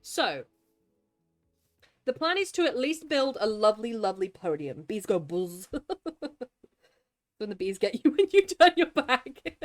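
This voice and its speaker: A woman's voice: medium pitch, very animated, unhurried, long pauses, soft background music. A woman streaming live gameplay, chatting away, greeting and thanking viewers and talking to the creatures in her game.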